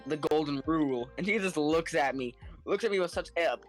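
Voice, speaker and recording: A man telling a story in casual podcast chat, animated and acting out the people in it, laughing now and then. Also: a little high, brisk, soft background music. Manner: animated, acts out the other people in his story; laughs between lines.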